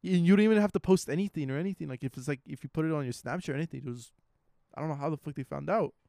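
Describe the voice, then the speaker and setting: A man's voice: fairly high pitch, very fast, creaky, mellow, dry recording, studio quality. A young man, chatting casually and rambling, with many hesitant fillers. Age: young adult. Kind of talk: casual chat.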